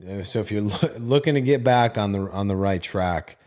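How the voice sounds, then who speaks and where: Man, deep voice, podcast co-host, laid-back, lots of uhs, casual chat. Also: normal speed, darkish tone. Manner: laid-back, filler-heavy.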